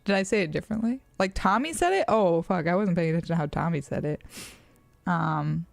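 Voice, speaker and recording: A woman's voice: fairly low pitch, a little fast, vocal fry, no echo. An American woman live-streaming a game, chatting casually and rambling with many fillers and laughs. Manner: rambling, giggly, lots of fillers. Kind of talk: casual live-stream chat while gaming.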